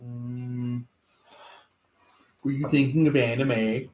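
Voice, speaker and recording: Man, mid-pitched, teasing banter over a card game; echoey room. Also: flat delivery, takes it slowly, darkish tone. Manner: teasing, joking. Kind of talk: casual chat during a card game. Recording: echoey room, faint noise, card clicks.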